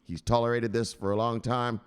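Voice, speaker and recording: A man's voice: mid-range voice, flat delivery, fairly quick, clean tone. A man who hosts a crypto news show, chatting casually in a joking, profane, rambling way. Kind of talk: casual livestream chat.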